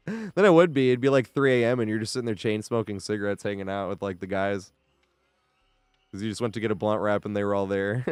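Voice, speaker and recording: A young man chats while he streams a game, spinning loose, laughing stories with plenty of swearing. His voice comes through smooth and clear, and the sound is dry, with no room echo. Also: on the low side, a little mellow. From New York area. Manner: rambling storytelling with frequent laughs and swearing. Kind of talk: casual chat while streaming.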